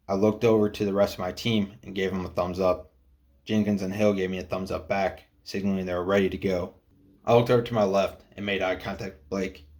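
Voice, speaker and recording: A man narrating a first-person military story in a steady, matter-of-fact reading. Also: sits low.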